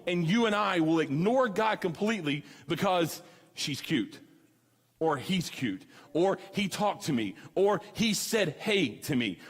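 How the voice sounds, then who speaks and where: Upbeat youth preacher, man, high voice, lively storyteller, big reverberant hall. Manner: animated storyteller, acts out dialogue. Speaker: student ministry speaker. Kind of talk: youth sermon with comic stories. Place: church hall.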